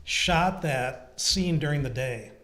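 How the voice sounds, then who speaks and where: A middle-aged man from Iowa talks through his filmmaking stories in a casual interview, relaxed and unhurried. His voice sits a little high for a man, and he laughs lightly as he goes. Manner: relaxed storytelling with frequent chuckles. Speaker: filmmaker guest.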